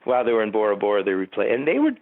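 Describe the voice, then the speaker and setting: A man's voice: on the low side, wildly swooping pitch, racing, no echo. An older man from Southern California, a producer being interviewed, telling rambling stories and acting out what people said. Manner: rambling storyteller who acts out quotes. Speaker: producer and writer, interview guest. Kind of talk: casual anecdotal interview. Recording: tinny phone line, dry.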